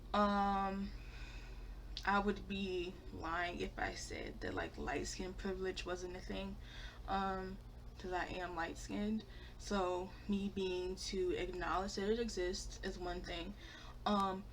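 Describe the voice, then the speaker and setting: A young woman vlogging casually to camera, relaxed and chatty, with lots of fillers and small laughs. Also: on the low side, a little hiss or hum. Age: young adult.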